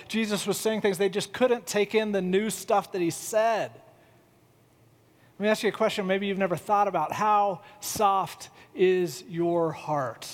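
High-voiced man preaching a casual sermon. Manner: conversational, humorous storytelling. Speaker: pastor. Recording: long reverb of a large hall.

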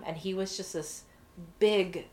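A woman guest on a podcast, telling a work story in a casual, lively way, swearing freely and acting out what people said. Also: on the low side, slow. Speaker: podcast guest, corrections treatment provider.

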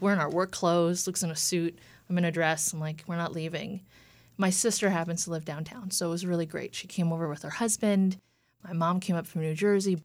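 A woman in her thirties tells her story in an earnest, lively way. Her voice sits low, and the recording is dry and close. She often quotes what others said to her. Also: dry recording. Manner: earnest, retelling with quoted dialogue. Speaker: guest. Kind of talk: personal story in an interview.

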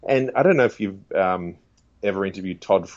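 Low-voiced man, dull lo-fi sound. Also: dry recording. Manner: breaks into quick celebrity and preacher impressions, laughs often. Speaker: impressionist guest. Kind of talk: casual interview chat with impressions.

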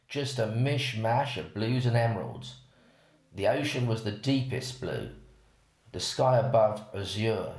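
Man, low gravelly voice, unhurried first-person story read-aloud, roomy echoey recording. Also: a little mellow. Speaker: narrator. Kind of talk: reading an erotic story aloud. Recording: roomy echo.

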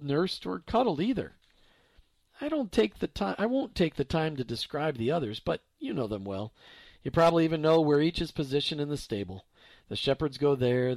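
Guy reading a christmas-style story aloud, reflective, lively ups and downs, slightly high voice, dry close sound. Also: creaky, dry recording. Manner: reflective, expressive.

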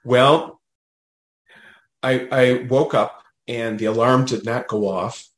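A man, a guest medium, telling a personal story in a casual, animated way, often adding "you know" and "right?". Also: medium pitch, slow pace, roomy sound.

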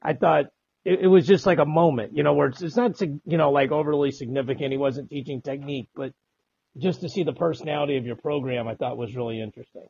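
A male sports reporter telling a quick anecdote in an interview, chatty with some stammering. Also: fairly high pitch, creaky, darkish tone, husky, no echo. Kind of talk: interview storytelling. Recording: dull lo-fi dry recording.

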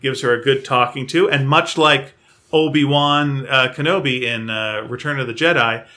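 A man with a bright, forceful voice co-hosts a casual podcast. He recaps a film in a rambling, sarcastic style, full of mocking asides. His pitch sits in an ordinary middle range. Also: normal speed. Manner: sarcastic, rambling storytelling with mock quotes. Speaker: podcast co-host.

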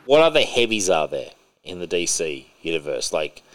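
Lively low-voiced male podcast host. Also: moderate pace, crowd noise. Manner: excitable, opinionated, swears freely. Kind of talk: casual chat. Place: podcast recording.

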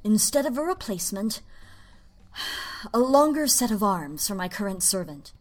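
A woman's voice: lowish voice, animated, a little slow, husky. A woman voicing a frightened housewife who pleads in a shaky voice. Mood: shaken. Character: frightened, shaken housewife, servant's mistress.

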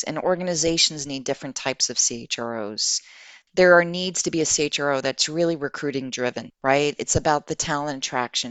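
A woman guest, an HR executive, telling a career story in an animated, conversational way. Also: extremely low pitch, no echo. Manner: animated, acts out quoted dialogue.

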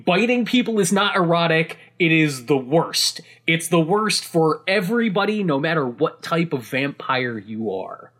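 A man chatting casually about a video game, excitable and rambling, with many restarts and laughs mid-sentence. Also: fairly high pitch, measured pace, hardly any pauses. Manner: casual swearing.

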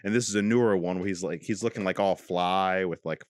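A man co-hosting a casual podcast, animated and laughing often, swearing freely as he chats. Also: deep voice, a little fast, no echo, studio quality. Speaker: podcast co-host.

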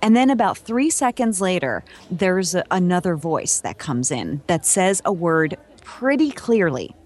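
A woman's voice: fairly low pitch, big pitch swings, a little slow, a little mellow. A woman co-hosting a podcast, telling a story in a chatty, rambling way. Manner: chatty, rambling with restarts and laughs. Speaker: podcast co-host. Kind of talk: casual chat.

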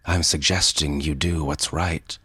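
A man reading a calm, wry armored man. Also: extremely low pitch, breathy edge, no echo, heavily acted. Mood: persuasive. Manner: calm, dry, measured. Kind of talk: audio fiction reading.

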